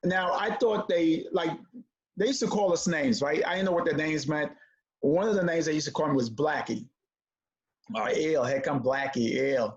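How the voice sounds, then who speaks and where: A man telling a story in a relaxed conversation, his voice sitting a little high. He acts out the voices of the people in his tale with lively energy. The audio is somewhat dull and lo-fi. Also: moderate pace. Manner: animated storyteller acting out quoted voices. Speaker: comedian guest.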